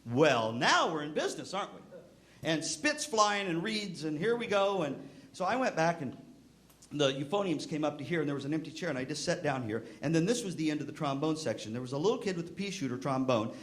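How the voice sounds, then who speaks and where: An older man giving a humorous storytelling talk to band directors, acting out the people in his stories with big jumps in his voice. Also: fairly quick. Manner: lively anecdotal delivery, acting out quoted voices with pitch jumps. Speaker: band music clinician speaking to band directors.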